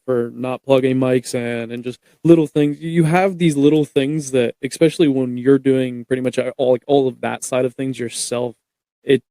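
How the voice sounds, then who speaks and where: A young man hosting a podcast, talking in a relaxed, agreeable way and explaining things with fillers. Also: medium pitch, no room sound. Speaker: podcast host. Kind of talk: casual chat.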